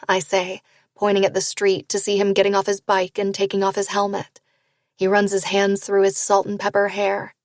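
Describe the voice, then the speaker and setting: Female audiobook narrator, medium pitch, wry tone, dry studio read. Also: steady tone, moderate pace, no echo. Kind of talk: first-person audiobook narration.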